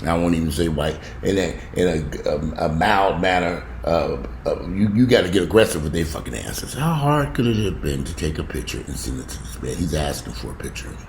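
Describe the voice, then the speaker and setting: A man tears into an angry, profanity-laden rant, his pitch leaping and dropping as he vents. He is recorded in an echoey room at home, with a faint hum of ambience behind him. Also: lively intonation, a little fast, few pauses. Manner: heated, swearing, pitch jumping up when outraged. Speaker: vlogger.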